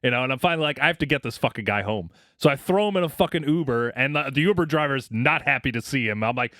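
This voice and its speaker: A man spins a long story with constant "like"s and swearing. His voice sits at an ordinary middle pitch. The sound is close and dry, with no room around it. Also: fast, hardly any pauses, a bit bright, no room sound. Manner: rambling, profane, many fillers like "like" and "you know". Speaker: podcast co-host. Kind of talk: casual storytelling chat.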